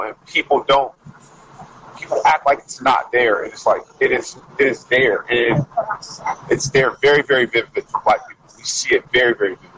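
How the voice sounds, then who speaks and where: A man who is a coach, talking as a podcast guest in casual chat, telling stories in an animated way and saying "like" often. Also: mid-range voice, slight background noise, poor audio. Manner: animated storytelling, frequent "like".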